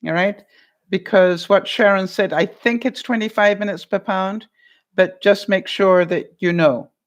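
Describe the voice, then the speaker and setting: A woman's voice: mid-range voice, fairly even intonation, unhurried. A woman vlogger chatting casually to viewers and answering their comments, telling stories and laughing often.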